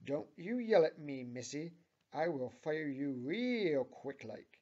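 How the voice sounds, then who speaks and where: A man voicing a loud, angry male coffee shop manager who yells threats, on a dull lo-fi recording. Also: on the high side, very animated, slow pace, pitched above the performer's own voice, heavily acted. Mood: yelling angrily. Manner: yelling, threatening.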